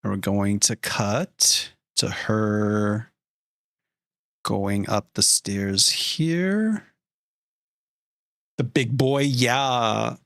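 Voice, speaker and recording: A man's voice: on the low side, drawn-out words, creaky, pauses often, fairly bright tone, no echo, clean studio sound. A man streaming as he draws storyboards, chatting casually in a rambling way with frequent laughs. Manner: rambling, chatty, laughs often, heavy use of "like". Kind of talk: casual chat while drawing storyboards.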